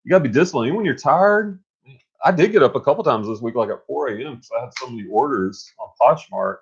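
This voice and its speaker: A middle-aged man co-hosting a casual live stream, energetic and motivational, rambling with restarts. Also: mid-range voice, fast, breathy edge. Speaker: co-host. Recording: dull lo-fi stream audio.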